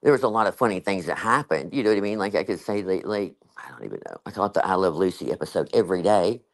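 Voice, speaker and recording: A man's voice: low-pitched, expressive, quick pace. A man, rambling in casual chat as a guest, with lots of fillers and laughter.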